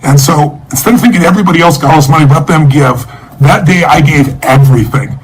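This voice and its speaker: Male motivational speaker, slightly raised pitch, energetic and emotive storyteller, charity appeal. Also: fast talker, a little hiss or hum, rough recording.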